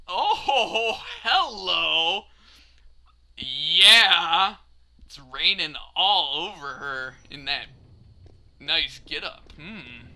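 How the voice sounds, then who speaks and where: Male gamer, high and animated, slow talker, game music loud underneath. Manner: joking, swearing, talks at the character. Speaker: let's play gamer. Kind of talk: casual gameplay commentary.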